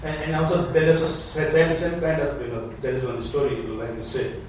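Male class participant, halting and soft, slightly higher voice, distant and very echoey. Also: little pitch movement. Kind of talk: telling a story in a class discussion. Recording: echoey room, distant mic, faint noise.

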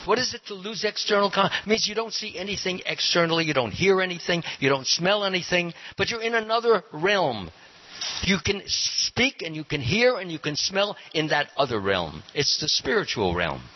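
A man giving a devotional lecture as a spiritual teacher, speaking in an animated way and quizzing his audience. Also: high-pitched, moderate pace. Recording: dull lo-fi recording with hiss.

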